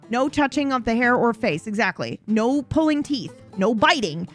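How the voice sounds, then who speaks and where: A woman's voice: on the high side, expressive, moderate pace, few pauses, faint music behind. A woman streamer recapping a roleplay story in a chatty, profane way, often interrupting herself.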